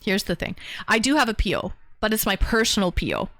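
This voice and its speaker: Chatty female streamer host, animated delivery, dry close sound. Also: mid-range voice, fairly quick, no echo. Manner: bubbly, chatty, lots of fillers and laughs. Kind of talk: casual livestream chat.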